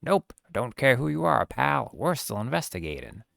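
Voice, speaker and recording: A man reading game dialogue aloud, voicing a bumbling, good-natured male police detective in a gruff, blustery way. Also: medium pitch, very animated, moderate pace, fairly bright tone, voice pushed up, heavily acted.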